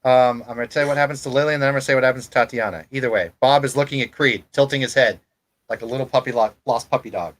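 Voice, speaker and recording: A man's voice: medium pitch, racing, a bit bright, rough recording. A man running a tabletop role-playing game as game master, narrating casually with fillers and restarts.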